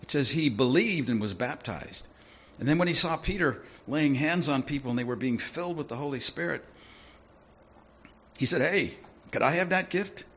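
A man preaching a sermon in a lively, conversational way, often asking his listeners questions. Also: mid-range voice, moderate pace, slightly rough. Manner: animated, conversational, asks the audience questions.

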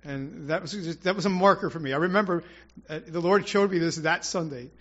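A man's voice: on the high side, a little fast, a bit bright, lo-fi sound. A man preaching an informal, rambling sermon to his congregation, with prayerful asides and restarts. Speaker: church speaker.

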